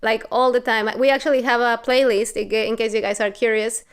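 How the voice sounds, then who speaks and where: A woman from Mexico, a podcast guest telling stories in an animated, expressive way. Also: on the high side, brisk, smooth. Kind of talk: casual chat.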